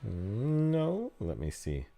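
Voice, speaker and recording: Lively American man chatting on stream. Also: lowish voice, very slow, gravelly, soft background music. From United States. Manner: reads chat aloud, joking, playfully self-deprecating. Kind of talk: casual live-stream chat.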